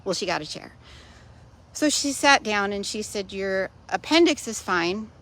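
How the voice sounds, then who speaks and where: A woman talks straight to her audience in a casual personal video update. Her pitch sits in a middle range, and she tells the story plainly with a dry, wry humor. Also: expressive, unhurried, fairly bright tone. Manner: chatty storytelling, matter-of-fact with wry humor. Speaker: vlogger sharing personal news.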